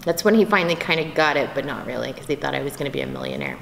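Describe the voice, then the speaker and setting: A woman voice actress telling stories in a convention interview, bubbly and animated, slipping into quick impressions. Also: rumbling low, gravelly. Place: convention venue. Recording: echoey convention room, faint background noise.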